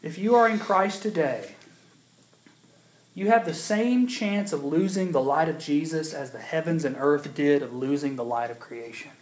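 A man's voice: on the high side, normal speed, a little mellow, roomy sound. A man, a pastor, preaching a sermon that moves from casual storytelling to emphatic proclamation. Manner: conversational, building to emphatic preaching.

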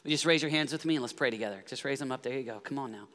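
A man in his forties, a guest pastor, preaching a lively sermon in a church and calling for congregation responses. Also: mid-range voice, rapid-fire. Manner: energetic, calls for congregation responses. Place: church hall. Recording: reverberant church hall.

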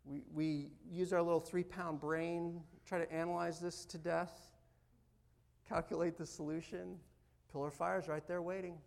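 A man preaching a sermon as pastor, animated, swinging from loud urging to soft, quiet asides. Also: on the high side, normal speed, gravelly.

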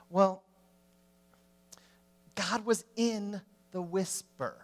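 A man preaching a sermon, swinging between emphatic rising questions and hushed drops. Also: high-pitched.

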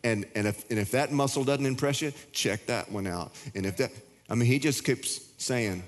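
Pastor guy preaching, folksy and jokey, normal pitch, big echoey church hall. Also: moderate pace. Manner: folksy, joking, plain-spoken preaching. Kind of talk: sermon. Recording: long reverb of a big hall.

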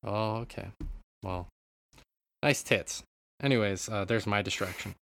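A man's voice: fairly low pitch, measured pace, vocal fry, fairly bright tone, a little hiss or hum. A man hosting a casual gaming podcast, rambling, swearing freely and reading out listener comments. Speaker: podcast host.

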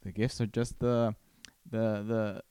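A man's voice: fairly low pitch, little pitch movement, takes it slowly, warm tone, clean tone, dry recording. Chatty podcast man, dry close sound. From Costa Rica. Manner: chatty, rambling storyteller with many restarts. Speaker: podcast host. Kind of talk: casual solo podcast chat.

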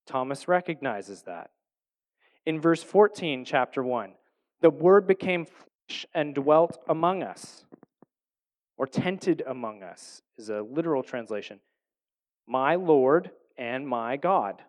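A man teaching from scripture in a thoughtful sermon style, with a slightly higher-than-usual voice. He is earnest and reflective, and often turns a question back to his listeners. At tender moments he sinks to a soft, quiet tone. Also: lively intonation, unhurried. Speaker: Bible teacher.

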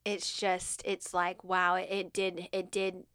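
A young woman, co-hosting a podcast, who talks openly, laughs often and grows animated when retelling events. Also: fairly low pitch, slow, clean tone, dry recording, clean studio sound. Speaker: podcast co-host. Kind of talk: candid conversation.

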